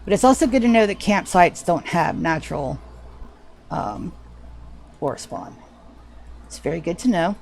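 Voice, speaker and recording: A woman's voice: fairly low pitch, big pitch swings, unhurried, gravelly, pauses often, a little mellow, slight background noise. A woman streaming a game live, chatting casually and swearing freely with a self-mocking, sarcastic manner. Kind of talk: casual live gameplay chat.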